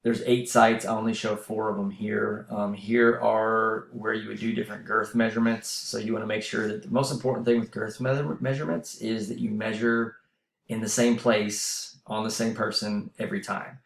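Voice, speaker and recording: Fairly low in pitch and flat in delivery, this man speaks at normal speed with vocal fry, teaching a university class in a relaxed, explanatory manner full of fillers and restarts. He's getting out of breath. The lecture voice-over was recorded on a voice-over mic and sounds roomy.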